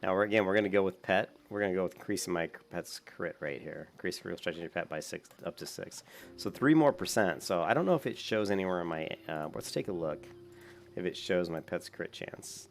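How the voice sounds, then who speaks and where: A gaming YouTuber with a low, creaky voice talks a little fast, giving casual, rambling commentary with many fillers while playing an online game.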